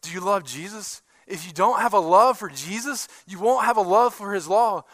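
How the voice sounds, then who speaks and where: A man with a high voice delivers a sermon to his congregation. He swings between loud, emphatic bursts and soft, hushed asides. The sound is close and dry. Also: moderate pace, hardly any pauses, dry recording. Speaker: pastor.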